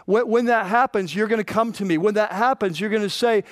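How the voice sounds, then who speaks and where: A man preaching a sermon, reading scripture and acting out the voices in it with lively emphasis. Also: high voice, fast talker, hardly any pauses, no echo, clean studio sound. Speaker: pastor.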